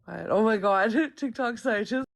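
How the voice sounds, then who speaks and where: A woman's voice: on the high side, measured pace, creaky, background noise. A woman gossiping casually on a livestream, rambling, swearing freely and laughing often. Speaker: guest chatting on stream.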